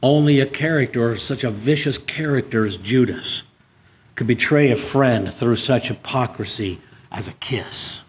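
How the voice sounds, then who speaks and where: A man's voice: medium pitch, normal speed, a little hiss or hum. A man preaching a sermon in a church. He reads scripture aloud and rises emphatically on key points, with some hesitant restarts.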